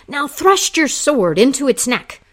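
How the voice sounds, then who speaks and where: A woman voicing a bold, loyal wild young man in a told myth, calling out loudly. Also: lowish voice, animated, a little slow. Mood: fierce.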